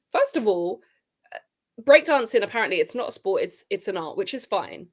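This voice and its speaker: A woman trades casual banter as a co-host. She is lively and blunt, swearing freely and drifting off on tangents. Her voice sits at a middle pitch. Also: brisk. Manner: animated, swearing, goes off on tangents.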